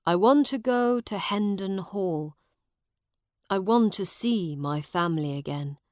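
A woman voicing a kind adult soldier who speaks gently and plainly. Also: medium pitch, animated, unhurried, no echo, studio quality, close to an everyday voice. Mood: gentle.

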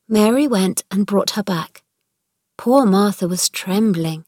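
Woman reading a kids story aloud, slow and careful, dry close sound. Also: on the low side, no echo. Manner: slow, measured, clear. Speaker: narrator. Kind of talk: scripted storybook narration.

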